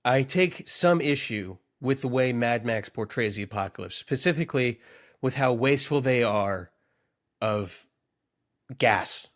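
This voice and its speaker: A man's voice: mid-range voice, lively intonation, measured pace. A man co-hosting a comedy podcast, riffing in a rambling, mock-earnest way. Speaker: podcast co-host. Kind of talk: comedic casual chat.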